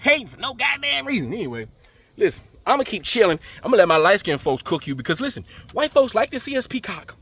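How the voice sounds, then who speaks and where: A male commentary host rants in an emphatic, profane, preachy way, his voice pitched high and bright. The sound is dry and close, with no room around it. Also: big pitch swings, fast, dry recording. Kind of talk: ranting reaction commentary.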